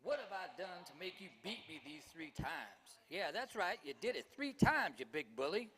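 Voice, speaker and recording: A man's voice: high-pitched, big pitch swings, moderate pace, a loud crowd. A man voicing a cheeky, indignant male donkey who scolds his rider, performed live in a church. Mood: scolding. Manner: sassy, scolding. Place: church auditorium, live on stage. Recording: long reverb of a church hall.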